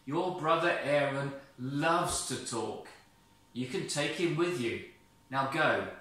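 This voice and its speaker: Heard from a distance in a very echoey room, the voice of God is commanding yet kindly, declaiming loud and firm with a bright, forceful edge, as a man reads the story aloud. He speaks slowly and with great authority. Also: on the high side.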